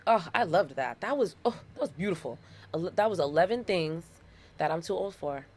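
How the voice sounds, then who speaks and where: A woman in her thirties hosts a solo podcast in a loose, animated way, driving her points home by repeating them. Her voice sits a little low for a woman. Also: fairly quick. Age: 30s. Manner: animated and playful, with dramatic repetitions. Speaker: podcast host. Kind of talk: casual solo podcast monologue.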